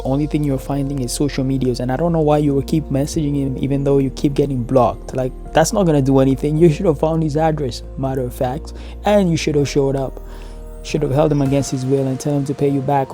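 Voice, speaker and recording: A man talks through his reactions in a laid-back, blunt way. His tone is warm and fairly flat. Faint music plays underneath. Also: medium pitch. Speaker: commentary host. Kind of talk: casual reaction commentary.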